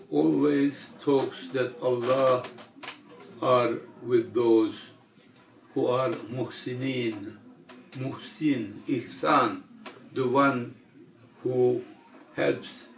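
Slow gravelly older man preaching. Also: medium pitch, steady tone, slight background noise. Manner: slow, measured preaching with long pauses. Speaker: religious teacher. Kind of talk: sermon. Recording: echoey room, mic far off.

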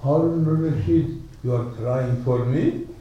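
A man's voice: mid-range voice, a little slow, very echoey, recorded from a distance, lo-fi sound, natural voice. A man voicing a puzzled, powerful caliph in a sermon story, coaxing and questioning.

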